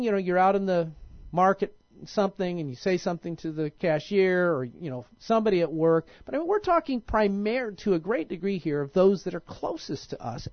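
A man's voice: high-pitched, no room sound. A male pastor preaching in a casual, conversational way, often stopping and restarting his sentences. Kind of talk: sermon. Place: church. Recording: dull lo-fi recording.

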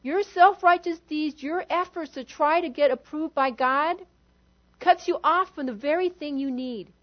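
Woman pastor, high voice, lively sermon delivery, muffled low-fi sound. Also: unhurried. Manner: animated, acts out quotes with shifting volume.

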